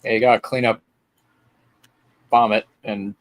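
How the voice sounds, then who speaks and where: A man's voice: fairly low pitch, flat delivery, unhurried. A man on a stream call, joking crudely and laughing in casual chat.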